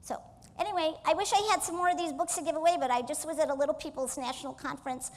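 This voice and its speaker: High-voiced woman giving a motivational talk. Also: racing, in a large hall. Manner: energetic, coaxes the audience to join in. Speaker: motivational speaker. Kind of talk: motivational keynote speech. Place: stage in a large hall.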